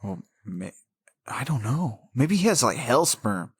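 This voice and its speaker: A woman's voice: a bass voice, very animated, measured pace, slightly rough, no echo, clean studio sound. A woman co-hosting a podcast, joking crudely and laughing as she talks through a horror film. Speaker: podcast co-host. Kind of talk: casual chat recapping a horror film.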